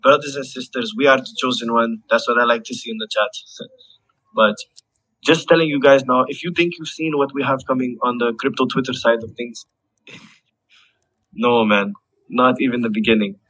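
Pitching to token holders on a livestream, a man with a non-native English accent hypes a crypto project using pumped-up, repetitive slogans, swearing, and chuckles. His voice is medium-pitched, steady, and a bit bright with a breathy edge, at a normal speed, and the recording is rough.

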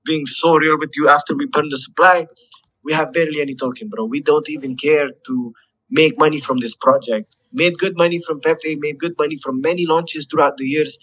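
A man's voice: on the high side, steady tone, fairly quick, a bit bright, husky, poor audio. A man with a non-native accent of English, hyping a crypto project on a livestream with pumped-up, repetitive slogans, swearing and chuckles. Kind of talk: hype livestream pitch to token holders.

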